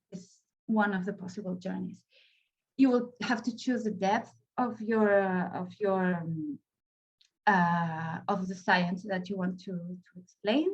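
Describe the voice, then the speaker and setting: Spanish woman trainer, mid pitch, hesitant delivery, muffled audio. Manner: halting, many fillers and restarts. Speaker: workshop trainer. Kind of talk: online training workshop.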